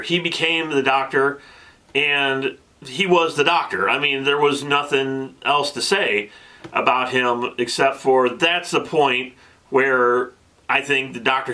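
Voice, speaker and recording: A man in his thirties, telling a casual vlog story with excitable, animated energy and many restarts, at times getting emotional. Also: mid-range voice. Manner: gets emotional. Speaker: vlogger.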